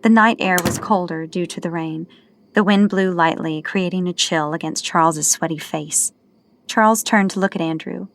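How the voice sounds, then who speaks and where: A woman reading novel narration in a steady storytelling manner. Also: lowish voice, normal speed, no echo. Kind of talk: audiobook narration.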